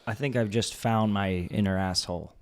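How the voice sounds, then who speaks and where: A man's voice: lowish voice, fairly even intonation, fairly quick. A man in his thirties hosting a podcast, chatting casually and easygoing. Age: 30s. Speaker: podcast host.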